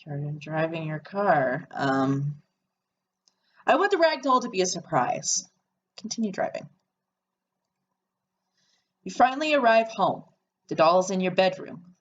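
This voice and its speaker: A woman's voice: on the low side, big pitch swings, unhurried, pauses often, lo-fi sound. A woman reading an interactive horror story game aloud and adding chatty, sarcastic asides.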